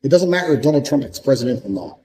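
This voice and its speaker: A man's voice: medium pitch, very animated, rapid-fire, darkish tone, slight background noise, low-quality recording. A man giving a blunt, profane motivational monologue, hammering points home through repetition. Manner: repeats points for emphasis. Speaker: motivational speaker.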